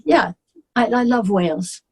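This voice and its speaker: A woman's voice: mid-range voice, animated, a little slow, husky, low-quality recording. Chatty older English woman. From England. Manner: chatty, warm anecdotes, laughs easily. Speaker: singer, guest. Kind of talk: interview.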